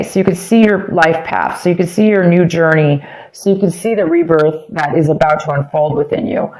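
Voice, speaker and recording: A woman with a slightly low voice talks through a tarot reading, circling back over her phrases with plenty of ums. She is losing her voice as she goes. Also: a little mellow, rough recording. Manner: rambling, repeats phrases, many ums. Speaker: tarot reader. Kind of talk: casual tarot reading to camera.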